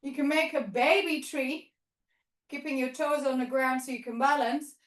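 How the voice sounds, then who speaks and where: Woman, children's yoga teacher. Bright, high voice, playful and sing-song, in an echoey studio. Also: fairly even intonation, moderate pace. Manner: playful sing-song cues with barking and animal noises; encouraging step-by-step instruction. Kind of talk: leading a playful toddler yoga class. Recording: echoey room.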